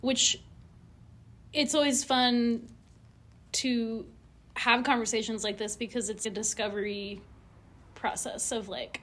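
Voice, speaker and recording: A woman hosting a podcast in casual, quick conversation, peppered with "like". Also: a little high, level tone, fairly bright tone. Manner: chatty and quick, with lots of "like". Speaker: podcast host.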